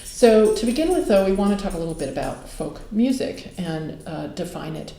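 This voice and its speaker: Mellow-voiced woman teaching from home. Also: mid-range voice, normal speed, creaky, soft background music. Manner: relaxed, frequent ums and uhs. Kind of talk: casual video lecture. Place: home music room. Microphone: camera mic. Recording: roomy echo of a home room.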